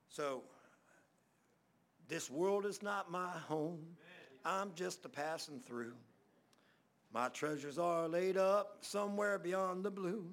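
A man preaching a sermon, telling stories in a rambling way that speeds up in bursts and drops soft at the ends of phrases. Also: mid-range voice.

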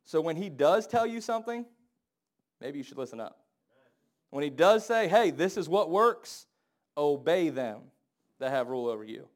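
A married man preaching a sermon, acting out the people he quotes with big jumps in loudness and pitch. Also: moderate pace, long pauses. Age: adult, married. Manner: animated, acts out quoted voices with big swings in pitch and volume.

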